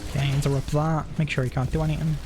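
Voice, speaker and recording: A man's voice: a little high, level tone, racing, noisy background. Laid-back man commenting on his gameplay. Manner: laid-back, thinking aloud. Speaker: streamer.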